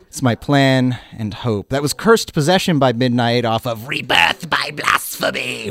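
Male radio dj, sarcastic, rambling, lively swooping pitch, dry close sound. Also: dry recording. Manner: sarcastic, rambling, self-mocking. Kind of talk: casual chat between songs.

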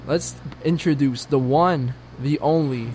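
A man's voice: on the high side, measured pace, a little mellow. A young man hosting a radio show casually, laid-back and slangy, calling people "bro" and "yo".

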